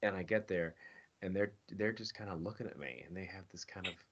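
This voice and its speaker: A man's voice: deep voice, fairly quick, fairly bright tone, breathy edge. A man, a voice actor being interviewed, telling stories casually and animatedly, acting out his own quoted lines. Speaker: voice actor guest. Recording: dull lo-fi audio.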